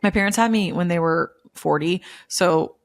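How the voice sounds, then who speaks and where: A woman's voice: lowish voice, normal speed, no room sound, studio quality. A woman, hosting a podcast in casual, gushing, emotional chat full of fillers. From Memphis, USA. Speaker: podcast host.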